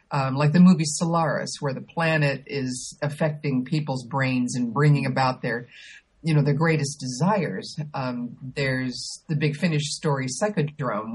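A woman co-hosting a podcast talks in a relaxed, casual way. Her voice is husky, and she fills her sentences with ums and restarts. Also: low voice. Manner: hesitant, many ums and restarts. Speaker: podcast co-host. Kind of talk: casual chat.

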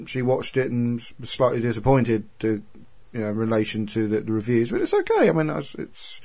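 A man's voice: medium pitch, big pitch swings, a little fast, darkish tone. A man hosting a casual podcast chat, talking in a rambling, hesitant way. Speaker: podcast host.

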